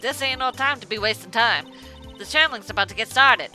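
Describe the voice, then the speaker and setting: A woman voicing a cheerful Southern woman photographer in a game, with a put-on Southern US accent, loud and brash. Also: fairly high pitch, expressive, fairly quick, soft background music, pitched above the performer's own voice. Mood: excited.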